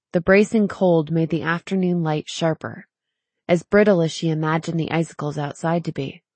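A woman narrating an audiobook in a steady, measured storytelling voice, recorded close to the mic. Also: low-pitched, no echo. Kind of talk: scripted narration.

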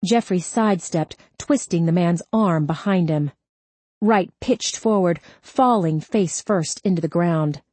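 A woman narrating a crime novel audiobook in a measured, unhurried delivery. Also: on the low side, a little mellow, no room sound.

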